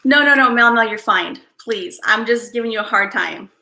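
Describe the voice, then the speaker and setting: A woman hosting a casual livestream, greeting viewers by name, thinking out loud and apologizing often. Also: a little high, moderate pace, creaky, reverberant. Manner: apologetic, drops to mutters and whispers. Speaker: livestream host.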